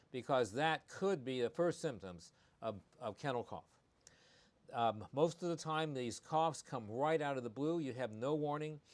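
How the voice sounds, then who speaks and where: A man who is a veterinarian, hosting a live-streamed pet health talk in a folksy, conversational way and repeating his key points. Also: mid-range voice. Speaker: veterinarian host.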